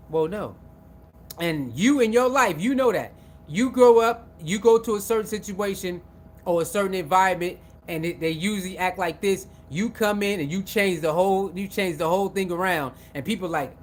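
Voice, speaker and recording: A man giving casual sports commentary, talking in an animated, repetitive way and acting out what other people say. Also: high-pitched, moderate pace, slight background noise. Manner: repetitive, animated, acts out quoted voices.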